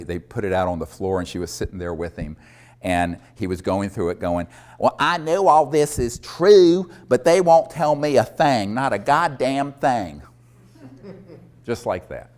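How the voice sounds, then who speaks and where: Lower-voiced older man telling stories. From North Carolina, USA. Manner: anecdotal, animated when quoting others. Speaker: speaker recounting his disclosure work. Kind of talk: storytelling talk to an audience.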